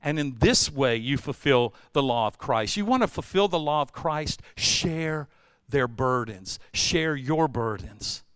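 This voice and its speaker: Lively pastor with a bright, clean voice. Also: male voice, medium pitch, a little slow, clean tone, dry recording. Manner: energetic storytelling, jumps between loud and hushed; playful asides and self-deprecating humor. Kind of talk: sermon.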